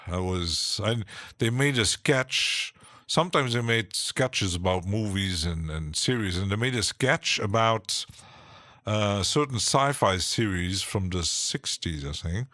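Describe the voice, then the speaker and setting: A man with a lowish voice rambles through a live-stream chat at an unhurried, dragging pace, stopping and restarting his sentences and laughing between thoughts. The sound is close and dry, with no room around it. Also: sharp tone, dry recording. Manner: rambling, halting, with many restarts and frequent laughs. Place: home studio.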